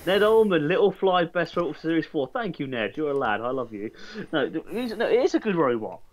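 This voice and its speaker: A man's voice: on the high side, very animated, brisk. A British man co-hosting a game stream, joking and teasing, sometimes going off on a rant. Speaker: co-host guest. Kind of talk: casual chat over a game.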